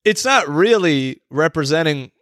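High, lively, teasing man. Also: unhurried, no room sound, studio quality. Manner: teasing, laughs often, animated. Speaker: podcast co-host. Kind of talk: casual banter.

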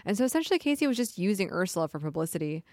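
A woman's voice: lowish voice, very fast, no echo, studio quality. Chatty young woman recapping a TV episode. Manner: chatty, peppered with "like", animated retelling. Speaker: podcast co-host. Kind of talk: casual TV recap chat.

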